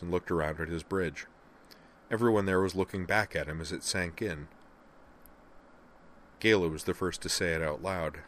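A man narrating a novel in an even storytelling manner. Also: low voice, a little hiss or hum. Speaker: audiobook narrator. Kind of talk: scripted narration.

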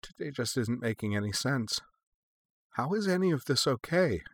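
A man reading a storybook voices a flustered young female soldier with sputtering, high-pitched outbursts. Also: animated, moderate pace, no echo, exaggerated voice. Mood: bewildered.

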